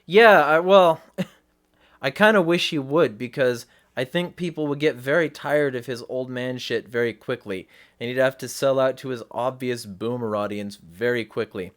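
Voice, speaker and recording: A man's voice: medium pitch, moderate pace. A man hosting a livestream, giving blunt, profane commentary and often restarting mid-sentence. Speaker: host.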